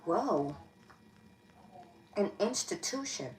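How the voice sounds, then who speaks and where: A woman's voice: medium pitch, sing-song, drawn-out words, slight background noise, poor audio. A young woman, reading tarot casually to camera in a confiding, emphatic way that repeats itself. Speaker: tarot reader.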